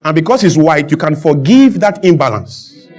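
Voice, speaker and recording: A Nigerian man, a guest on a talk show, arguing with fervour, repeating his points and building up to shouted emphasis. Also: a little high, animated, moderate pace. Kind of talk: impassioned studio interview.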